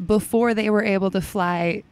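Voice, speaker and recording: A woman's voice: mid-range voice, fairly even intonation, moderate pace, a little mellow, smooth, dry recording. Chatty American woman guest. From United States. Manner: chatty, laughs easily, teasing. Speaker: podcast guest, CrossFit coach. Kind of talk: casual interview chat.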